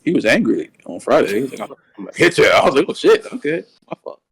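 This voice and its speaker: A man co-hosting a podcast in casual wrestling chat. He has a slight lisp and rambles excitedly, repeating words when worked up. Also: mid-range voice, quick pace, husky, rough recording. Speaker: podcast co-host.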